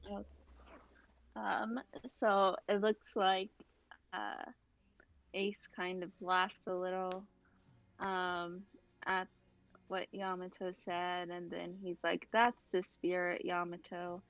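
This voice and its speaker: Slow-talking woman recapping a comic. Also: lowish voice, completely flat delivery, fairly bright tone, muffled recording. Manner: hesitant and unhurried, many ums. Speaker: podcast co-host. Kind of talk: casual manga recap, reading out dialogue.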